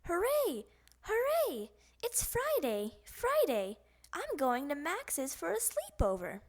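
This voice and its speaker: A woman puts on a squeaky little frog boy from a children's storybook, high and bouncing all over the place as he chirps out his lines with glee. He is eager and forgetful, and his voice swoops up whenever he gets excited. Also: unhurried, full character voice.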